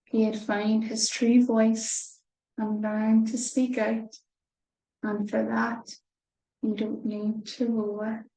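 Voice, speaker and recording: A woman reading a picture book aloud to children, gentle, with soft whispered asides. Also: fairly high pitch, echoey room, rough recording. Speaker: children's storyteller.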